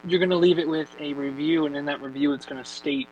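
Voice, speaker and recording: A man with a Philadelphia accent co-hosting a casual podcast, laid-back and quick with interjections. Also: fairly high pitch, fairly even intonation, darkish tone, muffled recording, faint music behind. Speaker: podcast co-host.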